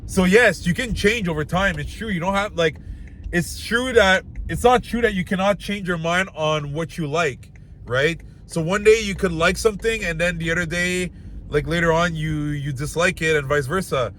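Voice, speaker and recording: Young male vlogger, slightly high voice, blunt and casual, lots of fillers, faint noise behind. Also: moderate pace, a bit bright. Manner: loose and blunt, heavy filler words, talks straight to the viewer. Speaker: dating advice host. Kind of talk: casual advice talk to camera.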